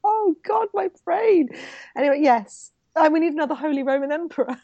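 A woman's voice: sits high, lively intonation, fairly quick, warm tone, dry recording, dull audio. A woman with an English accent co-hosting a casual chat, laughing often and stumbling over her words. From England. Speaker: podcast co-host.

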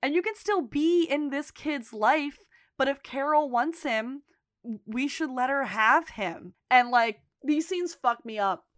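Excitable, profane woman podcast co-host. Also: sits high, no echo, studio quality. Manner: excited, profane, rapid storytelling. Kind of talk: casual TV recap chat.

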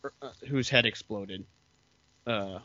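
Podcast co-host man, bright voice, plot explainer, dull dry lo-fi audio. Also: fairly low pitch, slow, no echo. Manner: explanatory, retells scenes with quoted lines. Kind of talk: casual chat recapping a TV episode.

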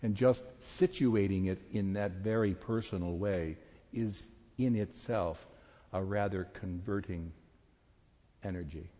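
A man delivering a sermon as a pastor, reading slowly and meditatively. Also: sits low, warm tone. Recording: echoey hall, dull sound.

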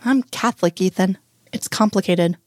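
A woman's voice: medium pitch, moderate pace, dry recording, close to an everyday voice. A woman reading the lines of an upset young woman in her late twenties, keeping close to her own voice. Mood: defensive. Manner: read in the narrator's own voice.

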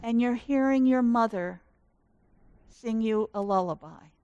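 A woman's voice: fairly high pitch, unhurried, warm tone, muffled recording, slight background noise. A woman telling it as a kindly curious doctor. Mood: gentle. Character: kindly curious male doctor, warm-hearted.

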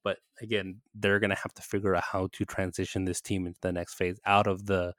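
A man co-hosting a casual podcast, making measured points and often checking in with "right?". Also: deep voice, level tone, fairly bright tone, no room sound. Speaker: podcast co-host. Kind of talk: casual chat about soccer.

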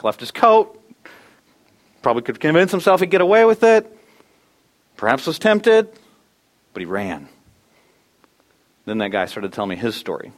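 A man in his thirties preaching to a church congregation. He is earnest, sinks to quiet, low lines, then lifts into loud, animated emphasis. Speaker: pastor. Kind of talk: sermon.

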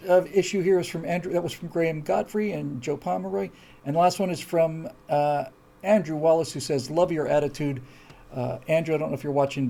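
This live stream host has a slightly high, creaky, mellow voice as he goes through comments from viewers. His casual talk is dryly humorous and digressive, with frequent self-interruptions and restarts.

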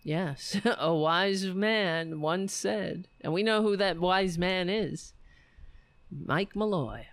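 A woman's voice: lowish voice, takes it slowly, no room sound. A woman hosting a political livestream, ranting casually with profanity and sarcasm.

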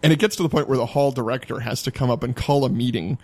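A young man telling a college story in casual chat, animated and laughing often as he acts out quotes. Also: mid-range voice, quick pace, slight background noise.

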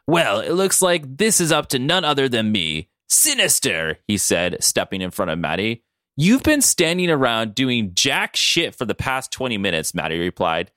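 A man's voice: medium pitch, normal speed, no room sound, clean studio sound. A man co-hosting a podcast, reading silly fan fiction aloud and laughing at it. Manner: animated, breaks into laughter. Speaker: podcast co-host.

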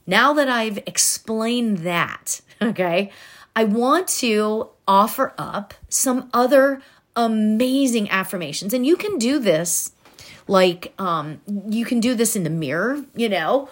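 A woman giving an earnest motivational talk, speaking directly to the listener and dropping to soft, near-whispered tones for affirmations. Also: medium pitch. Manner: talks directly to the listener with many "right?" tags. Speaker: self-help speaker.

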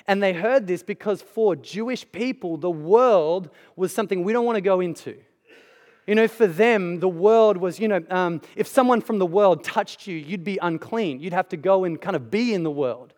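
A man's voice: high voice, darkish tone. A man delivering a conversational sermon as a pastor, emphatic and chatty, with asides to the congregation. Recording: hall reverb.

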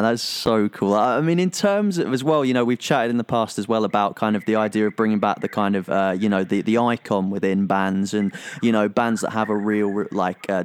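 A man hosting an interview, asking long, wandering questions in a casual chat. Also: on the low side. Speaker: interviewer, host.

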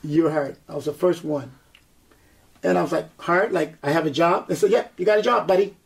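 Gravelly man telling a lively story. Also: on the high side, brisk. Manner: animated storyteller, acts out quotes, laughs often. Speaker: guest singer and performer. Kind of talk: storytelling interview.

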